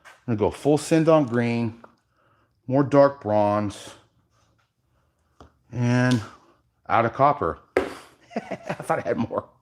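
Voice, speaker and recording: A man hosting a live workshop demo as an epoxy artist, talking casually and addressing viewers directly, sometimes dropping quiet while he works. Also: medium pitch, takes it slowly, long pauses, a little hiss or hum.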